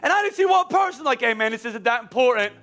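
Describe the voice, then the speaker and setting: A middle-aged man preaching a sermon as pastor, conversational and animated, at times rising to near-shouts. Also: very high-pitched, fast.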